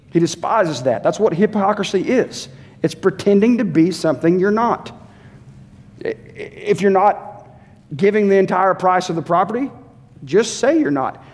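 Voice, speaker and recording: A man preaching a sermon as pastor, conversational and questioning the congregation directly. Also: sits high. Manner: conversational, asks the church questions, voices short quotes. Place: church sanctuary. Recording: long hall reverb.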